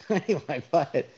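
A man rambles through a story, with filler words and swearing. His voice is gravelly and his pitch swings widely. The recording sounds dull and lo-fi. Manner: rambling storyteller, many fillers, profane asides. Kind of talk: casual rambling monologue.

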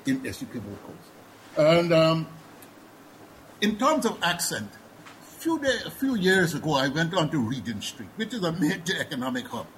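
A man with a Guyanese accent speaking as a panelist in a discussion, measured and professorial with frequent hesitations. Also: medium pitch, a little hiss or hum, poor audio.

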